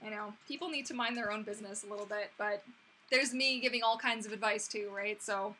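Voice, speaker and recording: A young woman hosting a casual live-stream Q&A, chatty and bubbly, breaking into excited squeals. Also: medium pitch, a little fast, a little hiss or hum. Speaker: mermaid channel host.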